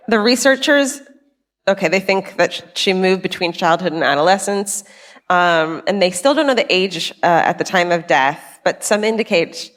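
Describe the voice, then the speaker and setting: A woman co-hosting a live comedy true-crime podcast on a theater stage, telling a story with lots of laughter and casual swearing. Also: fairly low pitch. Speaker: podcast co-host. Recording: reverberant theater hall with faint crowd.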